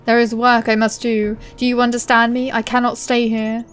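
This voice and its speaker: A woman's voice: a little high, little pitch movement, normal speed, faint music behind, natural voice. A woman voicing a weary, proud old male wizard held captive in a game, speaking formally and insistently. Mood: grave.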